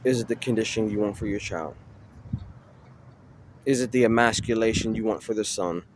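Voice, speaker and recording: A man's voice: on the low side, normal speed, slight background noise. A man delivering an impassioned street rant in a preachy way, firing off one rhetorical question after another. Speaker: vlogger.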